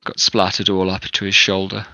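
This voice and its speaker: A man narrating a tabletop game as game master, with measured, descriptive storytelling. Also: sits low, completely flat delivery, sharp tone, no room sound, rough recording.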